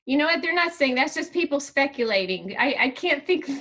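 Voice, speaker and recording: A woman with a high, bright voice tells lively stories in a quick, chatty way. She is talking on a video call. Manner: lively storytelling. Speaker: comedian guest. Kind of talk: casual video call chat.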